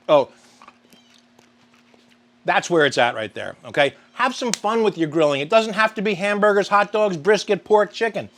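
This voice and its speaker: This man's voice is a little high and a bit bright. He hosts a grilling show and talks viewers through a recipe on camera in an upbeat, chatty manner.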